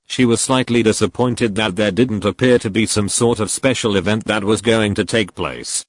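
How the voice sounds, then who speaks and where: A man reading a fan fiction story aloud as narrator, in a lively storytelling way, close to the mic. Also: on the low side, moderate pace, hardly any pauses, dry recording.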